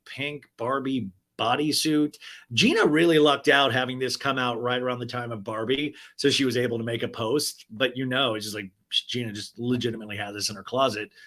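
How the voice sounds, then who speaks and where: A man hosting a podcast, recapping a reality show in an animated, gossipy and profane casual chat. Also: medium pitch, normal speed. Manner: animated, gossipy, profane, laughs at own jokes. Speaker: podcast host.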